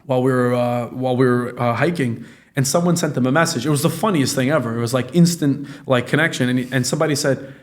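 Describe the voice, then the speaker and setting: A podcast guest, a man in his late twenties who owns a real estate business, speaks quickly with a mid-range voice. In this relaxed conversation he spins animated stories laced with profanity, impersonating the people he quotes.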